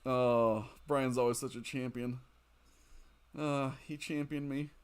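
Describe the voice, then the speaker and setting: A man's voice: mid-range voice, fairly even intonation, slow pace, smooth. Tired, giggly man streaming a game. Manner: rambling, giggly, reacts loudly to the game. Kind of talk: casual late-night gaming stream chat.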